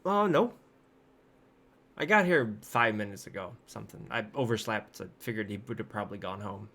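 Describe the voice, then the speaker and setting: A man's voice: lowish voice, animated, brisk, a bit bright. A man voicing a cheerful, slightly flustered small-town woman in a tabletop game. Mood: apologetic. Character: chipper small-town woman clerk, friendly, sleepy.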